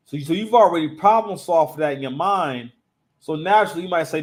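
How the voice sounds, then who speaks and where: A man's voice: sits high, fast. Man rambling through reaction commentary. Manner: rambling, repeats words and restarts often. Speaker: commentary channel host.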